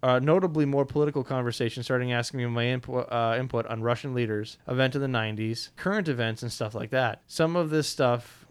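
A man's voice: medium pitch, steady tone, brisk, few pauses, smooth. A man narrating a first-person story in a wry, conversational way, with frequent uh fillers and small stumbles over words.

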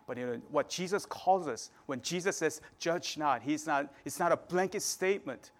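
A man's voice: on the high side, normal speed. A man preaching a sermon in a conversational way, often checking in with the listeners. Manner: conversational preaching, frequent "right?" tags.

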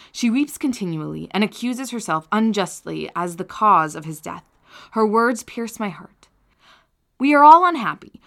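A woman reading a novel aloud as an audiobook narrator, in an earnest and measured storytelling manner. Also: mid-range voice, a bit bright. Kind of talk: scripted narration.

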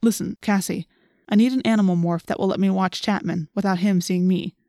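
A woman's voice: medium pitch, fairly even intonation, a little fast, mellow, no room sound, clean studio sound, natural voice. A woman voicing a determined teenage boy narrator in a storybook. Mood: plain. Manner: insistent. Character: determined teen boy, brave leader.

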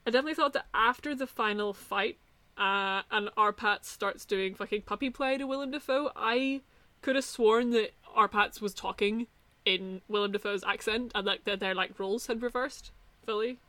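A woman co-hosting a casual podcast about a film, animated and profane, laughing often as she talks. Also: medium pitch, moderate pace, no echo. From outside North America. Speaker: podcast co-host.

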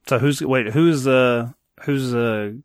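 A man's voice: mid-range voice, slow pace, dry recording, studio quality. A man in his thirties co-hosting a casual movie chat, rambling and self-deprecating, laughing often. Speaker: podcast co-host.

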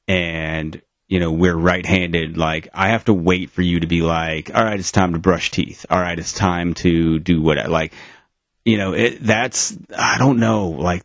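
A man's voice: low-pitched, no room sound, clean studio sound. A man co-hosting a podcast in casual chat, rambling with many fillers and restarts over a remote call. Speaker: podcast co-host.

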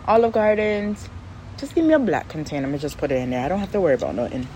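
A woman's voice: deep voice, very fast, noisy background. Woman venting casually outdoors on phone. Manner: rambling, venting, animated asides. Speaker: podcast host. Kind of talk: casual rambling monologue. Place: outdoors in the shade.

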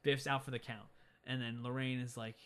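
A young man, a podcast co-host, casually retelling a movie scene by scene with lively quoted voices. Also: medium pitch, a little fast. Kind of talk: casual movie recap chat.

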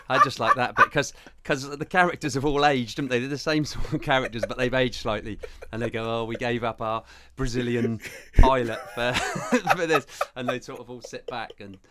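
Chatty man over loud background noise. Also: mid-range voice, fairly quick, hardly any pauses. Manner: chatty, laughs along, agreeable. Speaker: radio show co-host. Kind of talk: casual chat.

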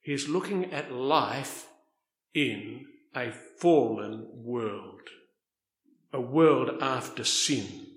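A man preaching a sermon, swinging between loud, stressed points and quiet, soft asides. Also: mid-range voice, extremely slow, echoey room.

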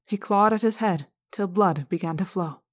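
Woman, audiobook narrator, first-person story, steady, measured, mid-pitched voice. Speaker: audiobook reader.

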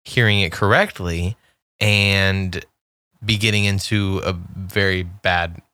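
A man co-hosting a podcast, cracking jokes and interrupting with quick questions. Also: deep voice, fairly even intonation, sharp tone, smooth, dry recording. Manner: joking, interjecting, laughs a lot. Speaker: podcast co-host. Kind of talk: casual chat.

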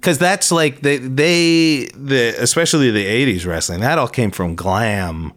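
A man's voice: mid-range voice, unhurried, a bit bright. A man hosting a podcast, chatting casually and agreeing often in an easygoing way. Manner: easygoing, lots of agreeing fillers and restarts. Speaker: podcast host. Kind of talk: casual chat.

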